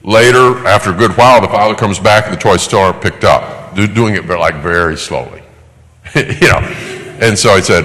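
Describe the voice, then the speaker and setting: A man's voice: lowish voice, moderate pace, in a large hall. A man giving a sermon-style teaching talk, telling stories and acting out the voices of parents and children. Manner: animated storytelling, acts out quoted parents. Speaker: preacher teaching on child discipline.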